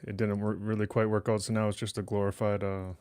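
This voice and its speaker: A man's voice: fairly low pitch, completely flat delivery, fast talker, darkish tone, clean tone, no room sound. A man hosting his own casual solo podcast, rambling and swearing as he chats with viewers. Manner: rambling, swears freely, talks to chat. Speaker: podcast host. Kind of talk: casual solo livestream chat. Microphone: desk microphone.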